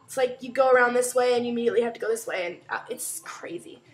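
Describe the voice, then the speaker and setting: A woman's voice: fairly high pitch, quick pace, faint music behind. Chatty young woman telling a story. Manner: chatty, animated retelling with quoted voices. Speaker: vlogger. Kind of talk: casual storytelling vlog.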